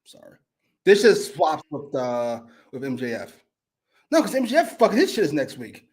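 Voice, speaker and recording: Brief: male co-host, profane live review rants, jumps between mutters and yelling, very animated pitch. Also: moderate pace, husky. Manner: loud, swings from mutters to shouted rants. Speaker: wrestling show co-host.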